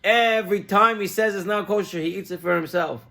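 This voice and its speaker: A man's voice: sits high, brisk, gravelly, sharp tone, pitched above the performer's own voice, heavily acted. A rabbi voicing a simple male farmer in a story, plain-spoken and apologetic. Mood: sheepish.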